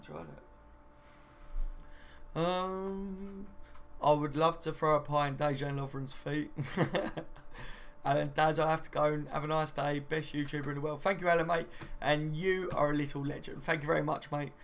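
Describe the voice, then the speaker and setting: Gravelly man chatting on a live stream. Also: a little high, fairly even intonation, moderate pace. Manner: chatty and matey, often says "mate" and "do you know what I mean". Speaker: YouTuber hosting a live stream. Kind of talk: casual live-stream chat reading viewer comments.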